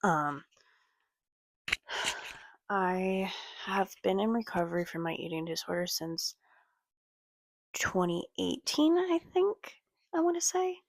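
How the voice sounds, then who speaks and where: A young woman talking casually to her camera late at night, halting with many ums and sighs. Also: mid-range voice, expressive, no room sound. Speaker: vlogger. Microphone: computer or phone camera.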